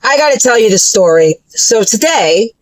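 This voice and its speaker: A woman's voice: a little high, big pitch swings, normal speed, no room sound, poor audio. A woman telling a story in a casual, profane rant full of fillers and restarts. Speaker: vlogger.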